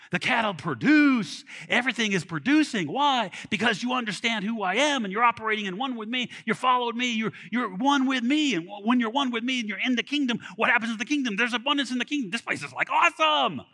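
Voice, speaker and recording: Animated high-voiced male preacher. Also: fast, few pauses. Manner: animated, conversational preaching with rising bursts of excitement. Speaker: pastor. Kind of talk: sermon.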